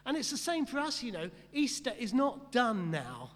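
A man delivers a sermon in a notably high voice, driving his points home with repeated phrases and questions put to the congregation. His words ring out with a long reverb, as if heard in a church hall. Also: wildly swooping pitch, normal speed. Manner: rhetorical, repetitive emphasis, asks the congregation questions. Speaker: pastor.

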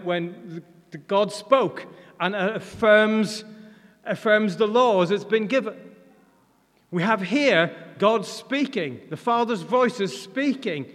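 A visiting preacher delivers his sermon in a relaxed, earnest way, often restarting his sentences. He is a man with a high voice. The sound rings with the long reverb of a large church hall. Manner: earnest, conversational, with frequent fillers and restarts.

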